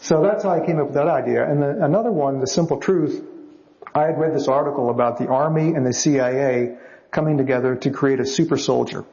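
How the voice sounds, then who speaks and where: A man, a novelist, telling lively anecdotes in an interview and acting out other people's lines. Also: mid-range voice, a little fast, vocal fry. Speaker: novelist guest. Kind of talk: storytelling interview answers. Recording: slightly muffled recording.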